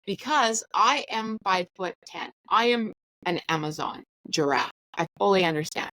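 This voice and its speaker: A woman casually telling a personal story, chatty and animated, acting out the lines of the people in it. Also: medium pitch, normal speed, no room sound, poor audio. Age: adult with school-age or older children. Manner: chatty, animated, acts out dialogue. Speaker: podcast host sharing her story.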